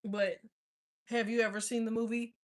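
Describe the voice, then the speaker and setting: A woman chatting casually with viewers as a tarot reader, telling stories in a blunt, profane, animated way. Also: a little high, moderate pace. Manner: blunt, profane, animated storytelling with frequent laughs. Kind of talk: casual live-stream chat.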